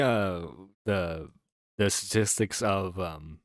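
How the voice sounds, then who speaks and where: Male streamer host, low voice, sarcastic and rambling, dry close sound. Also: animated, takes it slowly, no echo. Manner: sarcastic, rambling with fillers and laughs. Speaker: livestream host. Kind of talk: casual commentary on a clip.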